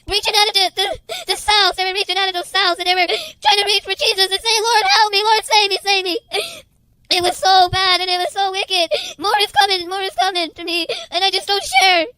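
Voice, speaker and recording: A woman's voice: very high-pitched, steady tone, a little fast, few pauses, bright, forceful tone, dry recording, rough recording. A woman giving an emotional religious testimony, tearful and repetitive, often breaking into crying.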